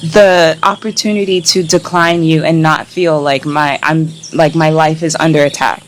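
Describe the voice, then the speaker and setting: A woman's voice: medium pitch, slight background noise. A young woman telling a candid travel vlog story, blunt and exasperated, swearing freely and mimicking the men who catcalled her. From United States.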